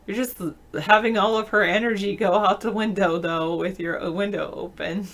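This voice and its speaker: A woman's voice: medium pitch, steady tone, normal speed, fairly bright tone. A woman hosting a casual live video chat, reading viewer comments aloud and answering them with frequent laughs. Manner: laughs often mid-sentence. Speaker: show host.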